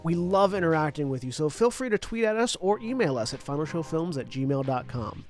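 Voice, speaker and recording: A man hosting a live-streamed tabletop game as game master, upbeat and quick to laugh. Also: on the high side, lively intonation, faint music behind. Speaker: game master and executive producer.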